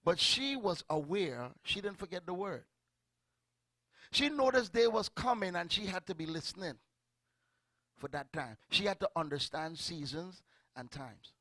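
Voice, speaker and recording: A middle-aged man with a Trinidadian accent preaching a sermon, animated and storytelling, calling out to his congregation. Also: high voice, no room sound. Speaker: pastor.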